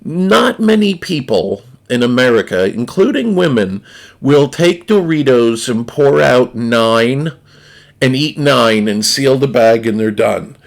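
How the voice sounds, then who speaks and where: Slow, gravelly man. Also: mid-range voice, expressive. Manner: blunt, profane, rambling asides. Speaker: gaming streamer reviewing a snack. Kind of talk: casual unscripted chat to viewers.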